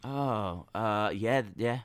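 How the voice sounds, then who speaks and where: A man's voice: lowish voice, smooth. A British man co-hosting a podcast, chatting casually and teasing his co-host with disbelief. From Britain. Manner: incredulous, teasing, quick to laugh.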